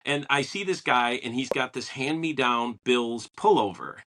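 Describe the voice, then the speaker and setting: A podcast host with a mid-range, somewhat bright voice chats casually and unhurriedly over slight background noise. He tells stories enthusiastically during the interview, acting out what people said.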